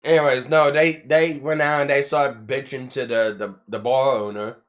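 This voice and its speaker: Speaking at normal speed in a mid-range voice, a man hosting a laid-back podcast tells a drawn-out story. He rambles, swears a lot, keeps restarting, and animates the retelling.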